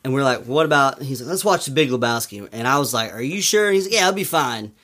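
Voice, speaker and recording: A man's voice: medium pitch, expressive, fast talker, a bit bright. Amused man telling a road story. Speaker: podcast guest, percussionist. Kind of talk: casual storytelling chat.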